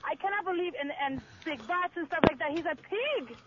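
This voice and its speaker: A woman's voice: very high voice, fairly quick. A woman calling in to a radio show, scolding and indignant about another caller. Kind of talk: phone call to a radio show. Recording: muffled phone audio with faint hiss.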